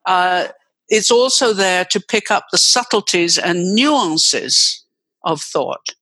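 Bright-voiced older woman voice teacher. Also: slow, dry recording, low-quality recording. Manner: expressive, swooping pitch, vivid demonstrations. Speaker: voice teacher, guest. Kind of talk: explanatory interview talk.

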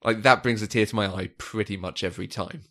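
A man's voice: lowish voice, quick pace, pushed and bright, soft background music. A man co-hosting a film discussion, talking thoughtfully and casually and repeating words as he thinks. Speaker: film review podcast co-host.

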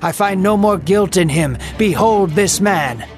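A man voicing an exasperated Roman governor who shouts insistently, with music behind him. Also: sits high, a little slow, voice pushed up. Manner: loud, insistent, desperate.

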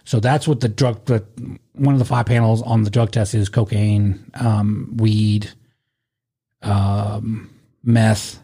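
A man's voice: fairly low pitch, little pitch movement, slow pace, mellow, breathy edge. A man telling a long story in a casual chat, rambling, swearing and laughing as he goes.

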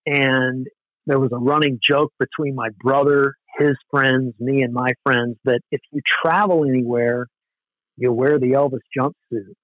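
A man's voice: mid-range voice, fairly even intonation, unhurried, dry recording, lo-fi sound. A man, a former hardcore band musician, telling rambling, self-deprecating stories in a casual interview, with many "you know"s.

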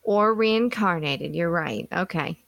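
A woman's voice: fairly low pitch, slow pace, vocal fry, no room sound. A woman co-hosting a casual comedy podcast, reading listener stories aloud with a playful, giggly, self-mocking manner. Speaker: podcast co-host.

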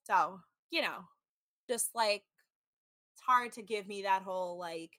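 Bright, chatty woman host. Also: medium pitch, unhurried, no echo. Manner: chatty, heavy use of "like", mimics people in quotes. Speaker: podcast host recapping a reality show. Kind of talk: casual chat.

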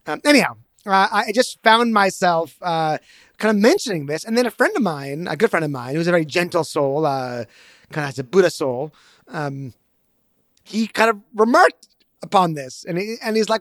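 A man in his thirties, chatting casually as a podcast co-host, thoughtful and halting with many fillers and restarts. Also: sits high, animated, a bit bright, no echo, studio quality. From Canada. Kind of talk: casual chat.

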